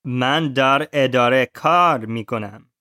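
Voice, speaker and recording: A man's voice: mid-range voice, pushed and bright, no room sound, studio quality. A man learning a language, carefully repeating phrases after his teacher. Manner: careful, deliberate repetition of phrases. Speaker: language student. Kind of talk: language lesson repetition.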